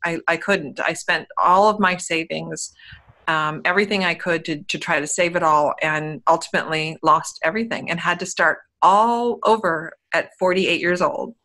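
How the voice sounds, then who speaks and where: A woman's voice: fairly low pitch, fairly even intonation, normal speed, pushed and bright, rough recording. A woman in her fifties, a guest on a video call from home, telling her life story candidly with frequent restarts. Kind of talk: interview over video call. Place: home room.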